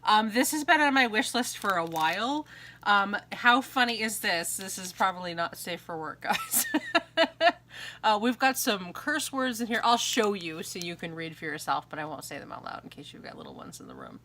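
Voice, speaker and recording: Showing off her mail, an American woman in her thirties who makes craft videos keeps things chatty and giggly, often trailing off with ums. She speaks at a moderate pace in a medium-pitched, sharp voice with lively intonation, over slight background noise.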